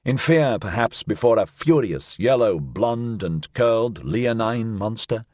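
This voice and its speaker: A man's voice: fairly low pitch, lively intonation, a little slow, no echo, clean studio sound. A man reading the part of a wanderer's shadow who sings a mock-pious desert song with declamatory, swinging delivery. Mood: lamenting. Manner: declamatory, swinging between hushed and loud exclamations. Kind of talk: dramatic audiobook reading.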